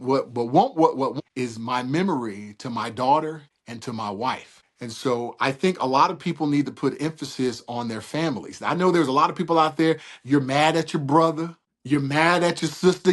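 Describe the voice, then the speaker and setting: A man's voice: a little high, moderate pace, few pauses. A middle-aged man, a veteran sports broadcaster telling stories as a guest in a casual interview, with emphatic, preacher-like rhetorical questions.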